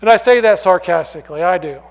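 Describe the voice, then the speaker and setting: A man preaching a sermon, emphatic, swinging from loud stresses down to hushed words. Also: high-pitched, fast talker, creaky. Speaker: pastor. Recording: long hall reverb.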